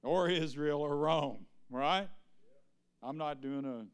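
Male pastor, sermon delivery, clear smooth tone on the higher side, keeps firing questions at the congregation. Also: slow. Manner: preaches with call-and-response questions to the congregation.

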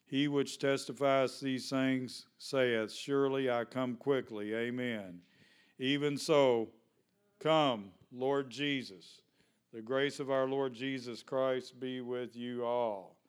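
A man's voice: medium pitch, steady tone, takes it slowly, smooth. A male pastor, preaching a sermon in a conversational way, full of questions to the congregation.

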